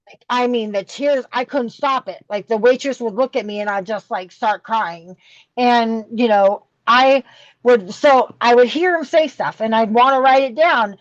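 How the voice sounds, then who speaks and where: Podcast guest, middle-aged woman, emotional rambling delivery, higher pitch, dull close recording. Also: unhurried, dry recording. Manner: rambling, emotional, full of fillers. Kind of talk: candid interview storytelling.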